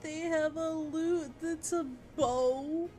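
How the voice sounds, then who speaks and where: A woman chatting casually on a livestream while she draws, gushing and giggling, with bursts of excitement and casual swearing. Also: sits high, slow, soft background music. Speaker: art streamer.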